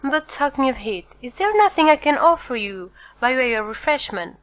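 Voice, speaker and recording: A woman voicing a fawning middle-aged male innkeeper, hurried and eager to please. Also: high-pitched, very animated, a bit bright, voice pushed up, rough recording. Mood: eager, apologetic. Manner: hurried, obsequious.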